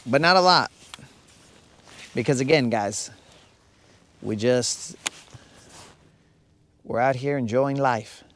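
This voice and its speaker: Speaking slowly and pausing often, a man with a mid-range, somewhat bright voice hosts a fishing stream from his lake boat, with a little hiss or hum audible. He chats loosely, cracks jokes and reads out and answers his viewers' comments.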